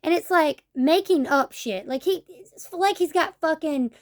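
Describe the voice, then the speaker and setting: A young woman with a high voice tells a story straight to the camera, blunt and full of swearing. She acts out the lines people said to her as she goes. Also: a little slow. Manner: blunt, profane storytelling, acting out quotes. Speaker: vlogger. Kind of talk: casual vlog rant.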